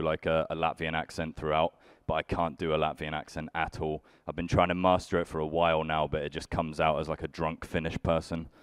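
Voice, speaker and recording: A young British man doing a stand-up comedy set on a conference stage, with a dry, self-deprecating, deadpan delivery. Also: sits low, smooth, dry recording. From United Kingdom. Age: young adult. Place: conference stage before a live audience.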